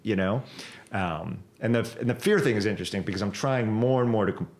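A man guest on a podcast, telling a personal story in a casual, animated way, cursing freely and repeating words as he goes. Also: fairly low pitch, a little fast.

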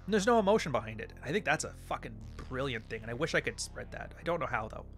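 A man's voice: mid-range voice, big pitch swings, fast talker, a bit bright, soft background music. A man hosting a podcast, telling stories in a blunt, profane, casual monologue. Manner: blunt and profane, storytelling with acted-out quotes. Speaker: podcast host.

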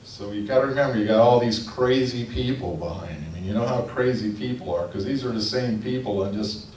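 A man's voice: on the low side, fairly quick, darkish tone. Guy preaching a sermon, storytelling, roomy echo, bit of faint hiss behind. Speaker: pastor. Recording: echoey room from a distance, faint noise.

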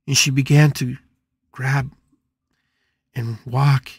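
A man's voice: mid-range voice, little pitch movement, slow pace, breathy edge, no room sound, studio quality. A man hosting a spiritual podcast, telling a story with emphatic, dramatic repetition. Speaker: podcast host.

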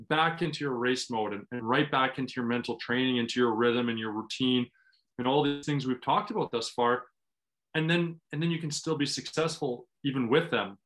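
A man of middle pitch talks through a mental routine for athletes in an earnest, coaching way. He keeps restarting phrases as he goes, and the sound comes through a video call. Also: normal speed, a bit bright. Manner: earnest, restarts phrases, acts out inner self-talk. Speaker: guest, former pro volleyball player. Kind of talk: explaining mental training in conversation.

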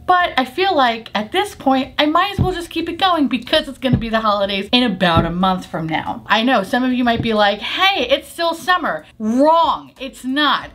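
Bubbly, swearing woman showing off a haul. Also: a little high. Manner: animated, laughing, profane, playful. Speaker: YouTuber doing a haul video. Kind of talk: casual vlog chat.

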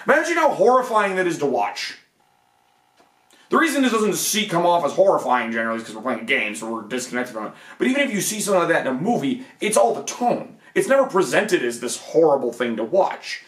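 Animated man ranting with rhetorical asides. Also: fairly high pitch, fast talker, roomy sound. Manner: animated, rhetorical questions, frequent "okay?" asides. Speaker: video essay host. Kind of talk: casual monologue on fantasy gaming.

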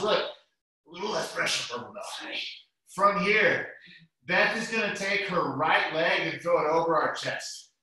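A man teaching a jiu-jitsu class, walking students through moves step by step and calling them guys. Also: high-pitched. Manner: steady step-by-step coaching, addresses students as guys. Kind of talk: live class instruction over video call. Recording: echoey room, voice from far off.

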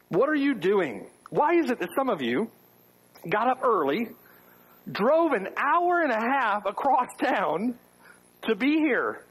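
A man's voice: extremely high pitch, big pitch swings, slow, long pauses, a bit bright, breathy edge, low-quality recording. A man preaching a sermon to his congregation, firing off rhetorical questions with wry asides. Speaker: pastor. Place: church.

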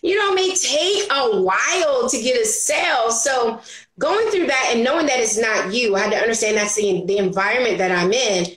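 Woman, interview guest, expressive storyteller, acts out quotes, high voice, echoey room. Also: moderate pace. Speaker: entrepreneur guest. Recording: roomy echo.

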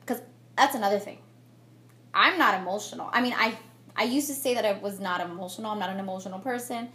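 This beauty vlogger talks fast in a mid-range voice that sounds pushed and bright. She's a young woman applying makeup in a get-ready-with-me chat, captured by a camera mic on a tripod, candid and reflective with many fillers and false starts.

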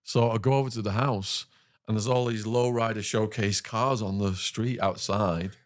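A British man with a fairly low voice tells a story as a podcast guest. He is animated and vivid, breaking into quick laughs and side remarks. The sound is close and dry, with no room in it. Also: no room sound. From Britain. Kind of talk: storytelling in conversation.

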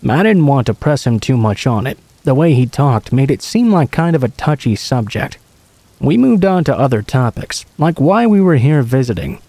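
A man reads a true scary story aloud in a calm, conversational way. His voice is dark and mellow, and the recording is dry and close. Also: mid-range voice, normal speed, no room sound. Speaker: horror story narrator. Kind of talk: scripted narration.

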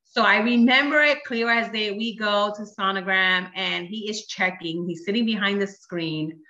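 A woman in her thirties, a guest sharing her personal testimony, telling her story with animated quoted dialogue. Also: medium pitch, normal speed, echoey room, muffled recording.

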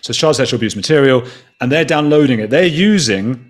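A man in his thirties tells a story as a podcast guest, talking in a casual, animated way. He swears freely and slips into the voices of the people he quotes. His voice sits at an ordinary middle pitch. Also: fast.

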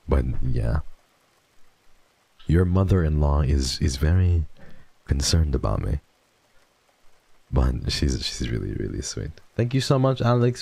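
Deep gravelly male streamer, mock-emo. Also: dry recording. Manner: mock-emo, swears casually, swings from mumbling to excited squeals. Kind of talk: casual live-stream chat.

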